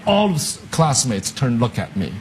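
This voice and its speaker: A man's voice: medium pitch, unhurried, background noise. A man with a Chinese accent, a stage actor telling stories in an interview, acting out what people said and chuckling. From China. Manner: lively anecdotes, acting out quoted voices, chuckling. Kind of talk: interview storytelling.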